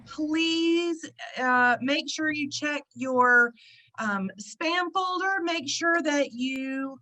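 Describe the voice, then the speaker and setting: A woman hosting an online gathering over a video call, chatty and excitable, with lots of fillers. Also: sits high, extremely slow, background noise. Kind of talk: casual chat. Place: at the beach, indoors.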